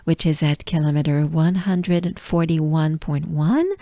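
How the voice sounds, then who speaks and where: A woman from France with a French accent, patiently teaching pronunciation, repeating sounds slowly. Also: low voice, fairly even intonation, mellow, no room sound, clean studio sound. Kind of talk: pronunciation lesson.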